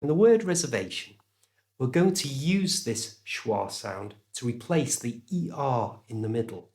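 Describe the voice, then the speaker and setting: A man with a British accent teaching English pronunciation in a scripted lesson, with clear, careful enunciation. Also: medium pitch, very animated, a little mellow. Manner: clear, slow, careful enunciation with exaggerated examples.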